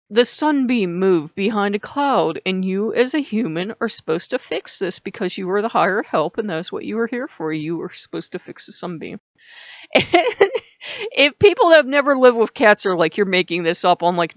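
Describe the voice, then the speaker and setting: A woman's voice: mid-range voice, no room sound. A woman talking casually to camera about her faith, chatty and laughing often, acting out little dialogues. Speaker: channel host. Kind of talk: casual spiritual talk to camera. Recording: dull lo-fi sound in a dry room.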